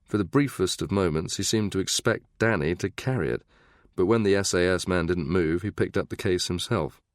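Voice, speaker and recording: A man narrating a thriller audiobook in a steady, measured reading. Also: low voice, no room sound, clean studio sound. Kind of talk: scripted narration.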